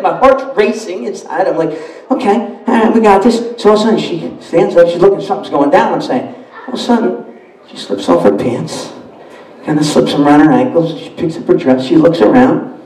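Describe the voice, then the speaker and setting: A man, a party emcee telling a story to the crowd in a brash, animated way. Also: sits high, distant mic. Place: banquet hall at a dinner dance. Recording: echoey hall, mic from afar.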